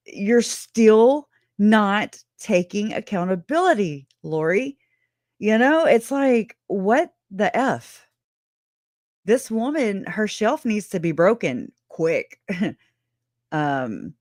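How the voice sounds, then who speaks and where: A woman hosting a casual true crime livestream, speaking bluntly and emotionally and laughing often. Her voice sits a little low. It is recorded close and dry, with no room echo. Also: darkish tone.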